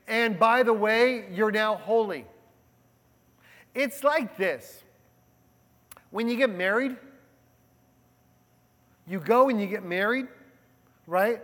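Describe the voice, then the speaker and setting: A male pastor giving a sermon in a conversational, animated way, often checking in with the congregation. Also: high-pitched, slow, pauses often. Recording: long hall reverb.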